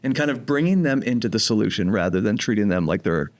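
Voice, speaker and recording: A man from New Jersey with a light New Jersey accent, a program director giving calm, jokey explanations in a podcast interview. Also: fairly low pitch, fast. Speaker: program director of teen residential treatment.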